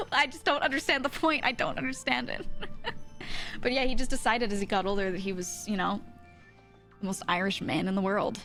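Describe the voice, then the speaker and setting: A woman's voice: fairly high pitch, steady tone, moderate pace, long pauses, fairly bright tone, faint music behind. An American woman streamer telling a story in casual chat, rambling with lots of fillers and frequent laughter.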